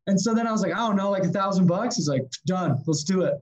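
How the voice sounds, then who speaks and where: A man's voice: sits high, brisk, low-quality recording. A man, a podcast guest and sales consultant, telling stories casually and acting out the voices of people he quotes, with some swearing. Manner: animated, swearing, acts out quoted dialogue. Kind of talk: casual storytelling interview.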